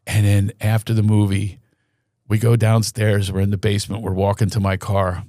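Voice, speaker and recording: A man's voice: fairly low pitch, moderate pace, no echo, studio quality. A man, a comedian guest, telling a story in a casual podcast conversation. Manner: animated, self-interrupting storyteller.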